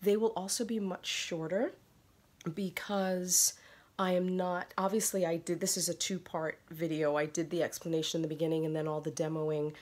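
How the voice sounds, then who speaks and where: A woman's voice: lowish voice, flat delivery, moderate pace, a little mellow. A woman in her thirties hosting a casual knitting tutorial, chatty and apologetic, laughing often as she explains.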